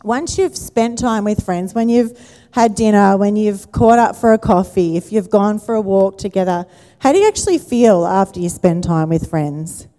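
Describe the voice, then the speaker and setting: A woman's voice: medium pitch, moderate pace. Woman preaching in a reverberant church. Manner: warm conversational preaching with questions to the congregation. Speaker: pastor. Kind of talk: sermon. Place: church auditorium. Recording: church hall with long reverb.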